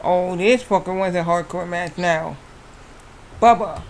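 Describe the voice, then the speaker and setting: Male streamer, rambling casual game commentary, high-pitched, swears freely. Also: a little slow, a little hiss or hum.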